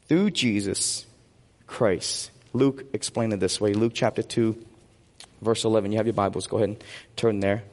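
A man's voice: mid-range voice, big-room sound. A middle-aged man preaching a sermon, asking the congregation questions and waiting for answers. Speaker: pastor.

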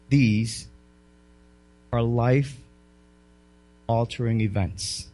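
High, bright-voiced preaching man. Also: lively intonation, normal speed, long pauses. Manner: swings between loud preaching and low, quiet storytelling. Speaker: pastor. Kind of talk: sermon.

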